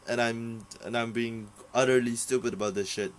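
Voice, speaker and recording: A man's voice: medium pitch, fairly even intonation, normal speed, few pauses, poor audio. A young man ranting casually about a TV series, rambling and swearing, with many fillers and restarts. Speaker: vlogger reviewing a TV series. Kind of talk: casual unscripted rant.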